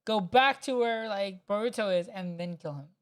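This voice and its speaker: Animated man chatting on a podcast. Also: sits high, moderate pace, clear, resonant tone. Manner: animated, acts out scenes in quoted voices, swears casually. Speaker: podcast co-host. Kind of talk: casual chat.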